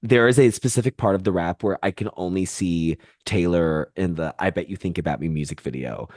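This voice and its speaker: Low-voiced playful young man. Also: brisk, darkish tone, no room sound, studio quality. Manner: playful, theatrical, sudden high jumps for emphasis. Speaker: podcast co-host. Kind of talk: casual chat.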